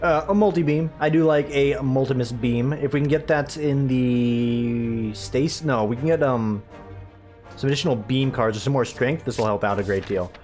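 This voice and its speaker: A man's voice: mid-range voice, moderate pace, darkish tone. Brief: man, mid-range voice, casual let's-play chatter, sarcastic and rambling, faint music behind. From United States. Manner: rambling, sarcastic, joking asides. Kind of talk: casual gameplay commentary.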